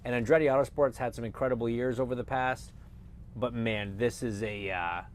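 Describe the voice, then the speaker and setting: Man, thirties, ex-racer and analyst, animated storyteller, mid pitch, light background noise. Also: fairly quick. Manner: animated storyteller who acts out quotes. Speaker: motorsport analyst and former race driver. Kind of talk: casual interview chat.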